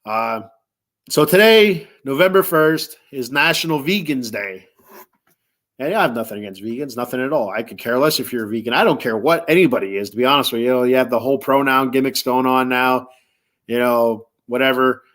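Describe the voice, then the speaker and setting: A man's voice: mid-range voice, normal speed, a bit bright. A man hosting a casual solo podcast, rambling through a list of favorite foods with relish and chuckling to himself. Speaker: podcast host.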